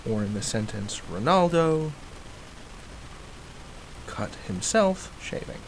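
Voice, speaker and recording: Male video teacher, mid pitch, animated delivery, talks to "grammarians" in a relaxed way. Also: slow pace, long pauses, slight background noise, rough recording. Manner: chatty and animated, acts out example sentences. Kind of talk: casual video lesson.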